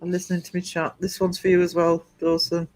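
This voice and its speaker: A man's voice: sits high, completely flat delivery, quick pace, loud music behind the voice, rough recording. A man hosting a casual live-streamed podcast, reading out chat comments, laughing and teasing, calling people darling.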